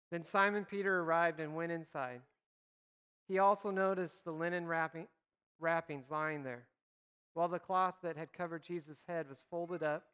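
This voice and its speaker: A man's voice: on the high side, fairly bright tone, clean tone. Conversational male pastor in a reverberant hall. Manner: conversational preaching, acts out imagined dialogue. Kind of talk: sermon.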